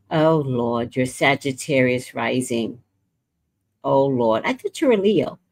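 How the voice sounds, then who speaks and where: A woman's voice: a bass voice, slow pace. A woman hosting a casual livestream, telling brash, profane stories and chatting with viewers. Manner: brash, profane, animated storytelling. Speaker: livestream host and reader. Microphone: streaming setup.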